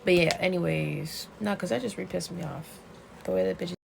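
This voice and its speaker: A woman vlogger in a casual, excitable rant, retelling a webcomic plot with plenty of swearing and outbursts. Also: lowish voice, normal speed, gravelly, a little hiss or hum. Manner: excitable and profane, storytelling with gasps and outbursts.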